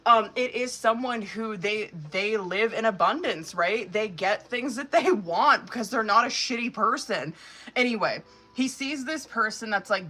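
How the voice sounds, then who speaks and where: A young woman with a bright, edgy voice reads tarot cards for viewers live on a stream. She talks bluntly and sassily, swearing freely as she explains each card. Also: mid-range voice. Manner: blunt, profane, sassy. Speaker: tarot reader.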